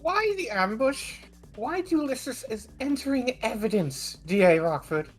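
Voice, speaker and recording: A woman with a mid-pitched, lively voice reads a judge's lines in a courtroom game. She teases her co-player and laughs often between lines. Faint music plays behind her. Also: moderate pace. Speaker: co-streamer reading game dialogue. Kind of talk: casual chat and reading a judge's lines.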